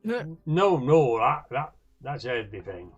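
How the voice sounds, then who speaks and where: Slow-talking man co-hosting a game playthrough. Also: medium pitch, animated, vocal fry, husky, muffled recording, faint music behind. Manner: halting, repeats words. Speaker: let's play co-host. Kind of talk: casual game commentary.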